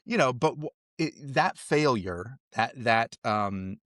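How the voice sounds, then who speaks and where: A man guesting on a podcast, telling his story in a relaxed, self-deprecating, joking way. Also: mid-range voice, slow, dry recording, clean studio sound. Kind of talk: casual storytelling interview.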